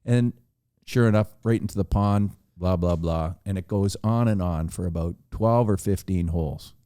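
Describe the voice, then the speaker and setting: Low, dark-voiced man telling stories. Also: moderate pace, no room sound. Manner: animated storyteller acting out dialogue. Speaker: podcast guest storyteller. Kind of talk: casual anecdote telling.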